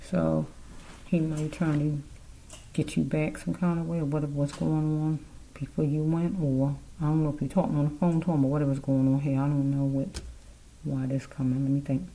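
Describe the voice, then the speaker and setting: A woman's voice: low voice, flat delivery, normal speed, dark tone, low-quality recording. A woman giving a casual tarot card reading, rambling and musing aloud as she speaks straight to the listener.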